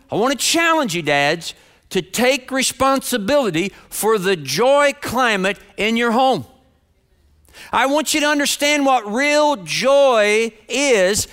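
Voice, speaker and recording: Bright, high-voiced man preaching. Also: clean tone. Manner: earnest, direct, repeats phrases for emphasis. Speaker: pastor. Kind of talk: sermon to a congregation.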